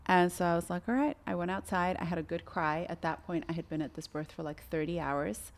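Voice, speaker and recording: Middle-aged woman doula, casual podcast storyteller, lively, slips into the voices she quotes, a touch low in pitch. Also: brisk. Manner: animated, acts out quoted voices.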